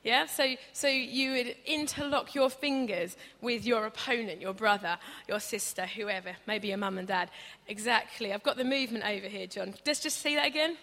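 A woman's voice: medium pitch, moderate pace, a bit bright. A woman preaching a conversational sermon, chatty and humorous, acting out stories as she goes. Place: church hall. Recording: reverberant church hall.

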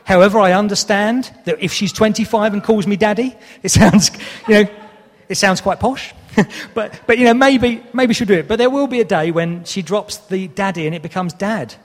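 A man's voice: high voice, moderate pace. A man in his thirties preaching a sermon, candid and self-deprecating with touches of humor. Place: church hall. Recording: long reverb of a hall.

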